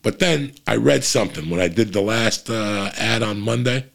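Gravelly deep-voiced man telling stories. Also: normal speed. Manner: profane, rambling, frequent restarts. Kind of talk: casual storytelling monologue.

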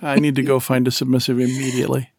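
A man's voice: medium pitch, little pitch movement, quick pace, a little mellow, husky, no room sound, studio quality. A man hosting a podcast interview, enthusiastic and teasing. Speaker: podcast host. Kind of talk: casual interview chat.

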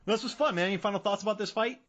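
A man co-hosting a podcast in casual chat, excitable, laughing often and acting out sound effects. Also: sits high, rapid-fire. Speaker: podcast co-host.

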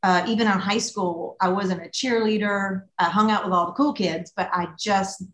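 A middle-aged woman with a Southern drawl chats easily as an interview guest, spinning stories that slide into laughter. Her voice sits at a comfortable middle pitch. The recording is roomy, with a noticeable echo behind her. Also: fairly even intonation, normal speed. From American South. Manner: chatty storyteller, laughs easily. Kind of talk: casual interview chat.

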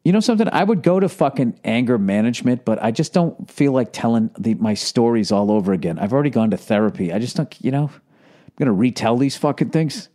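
A middle-aged man, a comedian, telling a story in a casual monologue, swearing constantly and mocking himself with animated rants. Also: medium pitch, brisk. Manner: profane, self-deprecating, animated ranting. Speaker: comedian podcast host.

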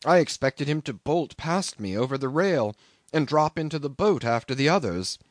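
A man voicing a haunted young sailor, quiet and low. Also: normal speed, no room sound, close to an everyday voice. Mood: hushed, haunted. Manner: quiet, flat, low-voiced telling. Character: shaken young male sailor, hollow and haunted.

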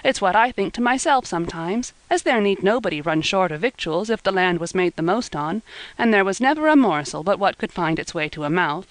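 A woman's voice: mid-range voice, lively intonation, brisk, dry recording, lightly acted. Friendly young gardener lad, a woman reading him, earnest and willing, dry sound. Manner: earnest and obliging.

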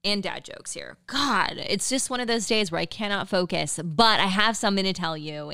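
A woman's voice: mid-range voice, a bit bright, smooth, no room sound. Chatty upbeat woman podcaster, dry close sound. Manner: chatty and upbeat, filler-heavy, with valley-girl cadence. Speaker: podcast host. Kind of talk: casual solo podcast monologue.

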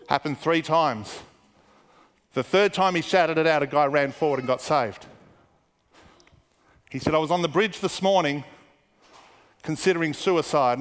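A man with a fairly high voice preaches a sermon to a congregation, his words ringing with a long reverb through a church hall. He tells stories and lowers his voice into quiet, muttered asides when quoting others. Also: unhurried, long pauses. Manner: storytelling with hushed, muttered asides for quoted people. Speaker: pastor.

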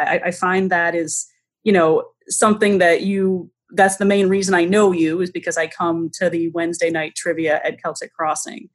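Woman hosting a chatty interview. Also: on the low side. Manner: engaged, quick interjections and follow-up questions. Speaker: podcast host. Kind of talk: casual interview.

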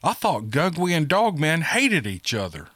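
A man's voice: a little high, huge pitch swings, moderate pace, a bit bright, breathy edge, dry recording, studio quality, pitched above the performer's own voice, exaggerated voice. A man voicing an agitated, snappy male soldier in an audiobook.

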